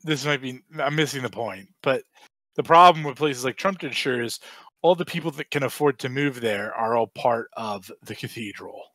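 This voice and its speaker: A man's voice: mid-range voice, moderate pace, a bit bright, no echo. Earnest young man, dry close sound. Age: young adult. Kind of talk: casual podcast discussion.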